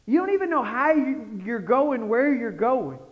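Animated preacher in echoing sanctuary. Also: male voice, very high voice, a little slow. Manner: animated storytelling, swings from hushed to shouting. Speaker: pastor. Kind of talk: sermon. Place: church sanctuary. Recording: lo-fi sound with long hall reverb.

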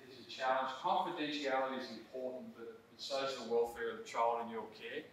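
A man in middle age presents to a room of coaches, talking emphatically and tagging his points with quick check-ins. His voice is bright and forward. The mic sits well back in a very echoey hall with a faint hiss behind. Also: medium pitch. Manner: emphatic, conversational, frequent "right?" tags. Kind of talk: workshop presentation. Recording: roomy hall, distant mic, faint noise.

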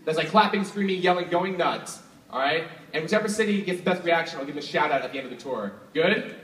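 Energetic young man hyping a crowd. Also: on the high side, fast talker. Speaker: stage magician. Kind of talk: live stage show patter. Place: live show venue with audience. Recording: echoey hall, from a distance, crowd and noise. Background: audience.

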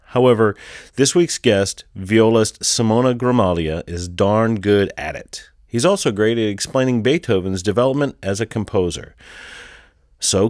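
Playful man, lively pitch, dry sound. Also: no room sound. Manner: playful, jokey. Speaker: podcast editor. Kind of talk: scripted show intro.

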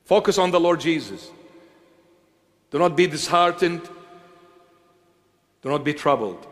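High-voiced man preaching slowly in a reverberant church. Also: lively intonation. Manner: emphatic, repetitive preaching that swings between hushed and raised. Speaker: bishop preaching. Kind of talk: sermon.

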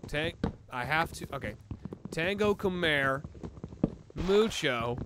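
A young man streaming a game, joking at himself and trying out halting, clumsy Spanish. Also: fairly high pitch, lively intonation, background noise. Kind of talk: casual gaming livestream chat.

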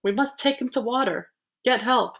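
A woman reading a storybook aloud, voicing a young boy who panics and pleads for help in a high, urgent voice. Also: normal speed, fairly bright tone. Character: excited young boy, panicky fish owner.

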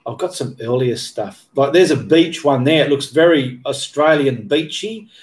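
The speaker is an art channel host fielding live chat on a casual painting livestream, reading comments aloud and answering in a rambling fashion with mid-sentence self-corrections. He has a mid-range, expressive voice and talks at a moderate pace.

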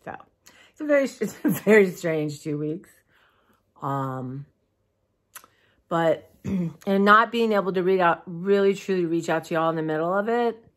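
A tired woman, talking heartfelt and rambling to her followers in a casual vlog, clearing her throat now and then. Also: lowish voice. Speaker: vlogger. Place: dim room at home.

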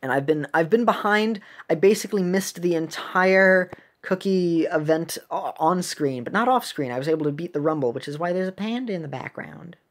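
A woman with a notably low voice reads a mobile game's story text aloud in a casual commentary. She keeps stopping to make puns, correct herself and laugh at her own jokes. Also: lively intonation, moderate pace. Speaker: game video creator.

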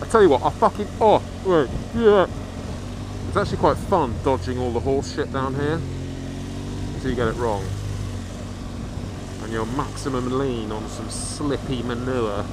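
A man chatting and swearing casually while riding a motorbike through city traffic. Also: medium pitch. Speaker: motorcycle vlogger. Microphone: helmet camera mic. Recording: loud wind and traffic noise.

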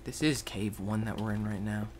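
A man giving rambling Let's Play commentary at his computer, jumping between loud outbursts and muttered whispers. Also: on the low side, fairly even intonation, normal speed, slight background noise. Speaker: gaming YouTuber. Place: at a computer, indoors.

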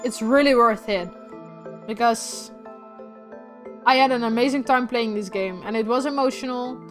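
Teary young woman streamer, high voice. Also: moderate pace, faint music behind. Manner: tearful, soft and heartfelt, talking to the game and viewers. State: teary from crying. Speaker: gaming streamer. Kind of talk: emotional let's-play commentary.

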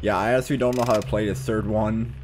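A man's voice: fairly low pitch, fairly even intonation, fast talker, a little mellow, soft background music. A man casually commenting over gameplay, loose and slangy. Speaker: gaming channel host.

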